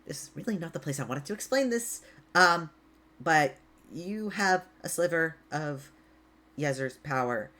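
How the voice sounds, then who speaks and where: A woman's voice: deep voice, lively intonation, unhurried, fairly bright tone, pitched below the performer's own voice. A woman voicing a flustered young woman adventurer who stammers and restarts, in a tabletop game.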